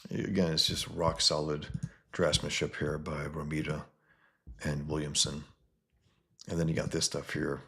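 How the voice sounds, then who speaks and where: Deep gravelly man reviewing comics. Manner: relaxed, with quick asides and sound-effect reading. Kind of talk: casual comic review, reading panels aloud.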